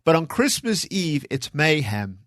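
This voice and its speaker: A man's voice: on the high side, sing-song, measured pace, a bit bright, no room sound, studio quality. A man co-hosting a podcast who chats casually and chimes in with wry, teasing remarks. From South Jersey, USA. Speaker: podcast co-host. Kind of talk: casual chat.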